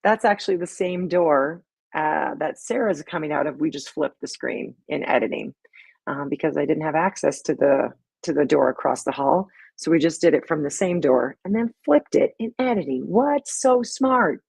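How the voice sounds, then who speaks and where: This is a middle-aged woman hosting a casual live stream about making her comedy sketches. Her voice sits on the low side and has a husky, breathy edge. The sound is dry and close, with no room echo, and she talks in a loose, rambling way full of fillers. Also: moderate pace, a little mellow. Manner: chatty, rambling storytelling with many fillers. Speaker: sketch comedy creator and host.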